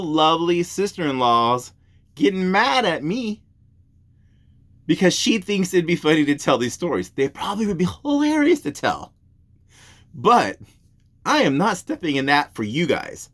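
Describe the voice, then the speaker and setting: Giggly, animated man reading reviews. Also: fairly high pitch. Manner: giggly, breaks into laughter while reading; rambling, wanders onto tangents. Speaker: host reading reviews aloud. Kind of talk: casual comic review reading.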